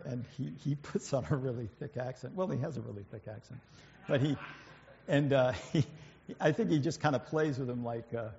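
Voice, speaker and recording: A man's voice: medium pitch, normal speed, a little mellow. A man speaking from the front of a church, his talk loose and conversational, full of ums and false starts. His voice carries a long reverb through a large hall, and the recording is dull and muffled. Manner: conversational, hesitant, many fillers and restarts. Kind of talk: informal sermon with slides.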